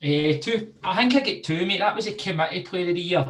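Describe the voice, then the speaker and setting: A man's voice: sits high, a little fast. A Scottish man hosting a football podcast, laughing and teasing his guests in casual banter. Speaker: podcast host. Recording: echoey room, away from the mic.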